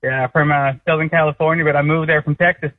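A man's voice: on the high side, steady tone, quick pace, slight background noise. Australian man on a phone line. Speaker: caller. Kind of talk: phone-in call, putting on an American accent.

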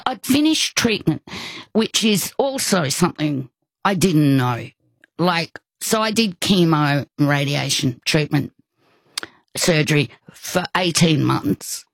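An older woman, telling a personal story in casual conversation, rambling warmly with restarts and asides. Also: deep voice, very animated, slow, gravelly, dry recording.

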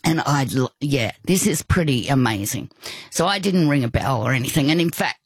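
An older woman, telling a personal story in conversation, halting, with frequent restarts and asides. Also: a bass voice, expressive, breathy edge, no room sound. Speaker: guest.

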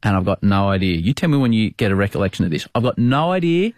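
A man, a sports broadcaster hosting, telling a story in casual chat with quick bursts of speech. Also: lowish voice, sing-song, dry recording, studio quality.

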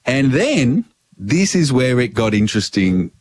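A man's voice: medium pitch, very animated, unhurried, no room sound, studio quality. A man, a radio host, telling a story in casual chat and acting out both sides of it.

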